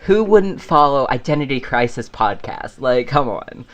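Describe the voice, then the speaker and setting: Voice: medium pitch, expressive, normal speed. A podcast host chatting casually on their own, rambling and laughing often. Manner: frequent fillers and restarts. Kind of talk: casual solo chat.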